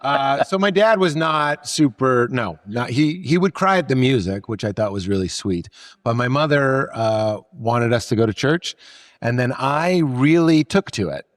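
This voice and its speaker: A man's voice: medium pitch, lively intonation, moderate pace. A middle-aged man from Massachusetts, a comedian, telling stories in casual conversation, joking and self-deprecating. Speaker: comedian guest.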